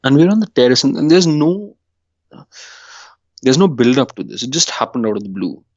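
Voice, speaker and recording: A man's voice: mid-range voice, normal speed, dry recording, muffled recording. A man from India, a podcast guest, telling a story in casual chat and acting out his own panic. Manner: animated, acts out his panicked past self with laughs.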